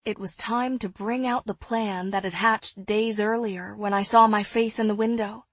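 A young woman narrates a first-person audiobook in a husky, measured voice. The close studio recording is dry, with no room sound at all. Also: medium pitch, steady tone, dry recording.

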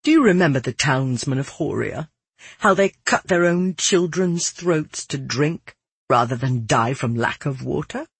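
A man's voice: on the high side, lively intonation, measured pace, creaky, husky, no room sound, exaggerated voice. A narrator voicing an arrogant young nobleman who sneers and threatens in a cold, menacing way. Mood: contemptuous.

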